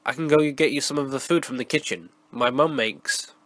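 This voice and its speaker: A hoarse man with a cold voicing an eager, matter-of-fact little girl in a horror story, pitched a little higher than his own voice. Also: normal speed, a bit bright, no echo, close to an everyday voice. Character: small eager young girl.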